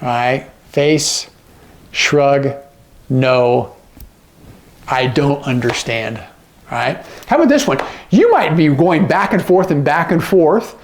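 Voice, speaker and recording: A man teaches sign language phrases, patiently and slowly repeating each one gloss by gloss while often checking in with the viewer. His voice is on the high side and animated, with slight background noise.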